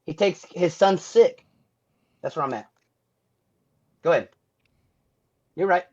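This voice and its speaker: A man's voice: on the high side, animated, slow, darkish tone. A man co-hosting a podcast in casual chat, swearing and losing his place in his notes. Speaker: podcast co-host. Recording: dull lo-fi sound.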